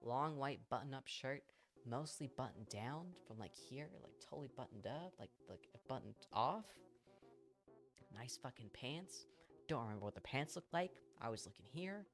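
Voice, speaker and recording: A man telling a wild personal story on a live stream. He talks at a medium pitch, swears freely, and fills his lines with "like" and laughs. Faint music plays behind him. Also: moderate pace. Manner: animated, profane, lots of fillers and laughter.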